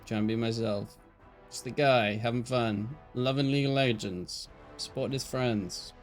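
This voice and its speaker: A man's voice: medium pitch, normal speed, faint music behind. A young man with an English Midlands accent, chatting and joking casually as an esports caster on a live stream.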